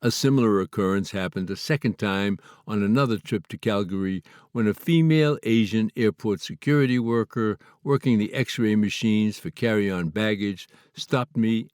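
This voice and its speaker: A man from Canada reading his own memoir aloud in a measured, earnest, slightly formal way. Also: lowish voice, a little mellow, no echo, clean studio sound. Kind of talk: memoir audiobook narration.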